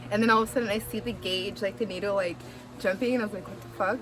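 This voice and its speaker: A woman's voice: medium pitch, quick pace. A young woman from the Bay Area telling a story in a casual, chatty way, full of fillers and swearing. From San Francisco Bay Area. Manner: chatty and animated, heavy "like" fillers, swears, laughs while telling.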